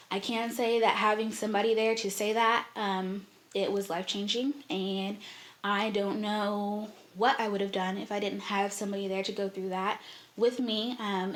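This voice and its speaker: A young woman vlogger telling a personal story in a candid, heartfelt way, with many fillers. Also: mid-range voice.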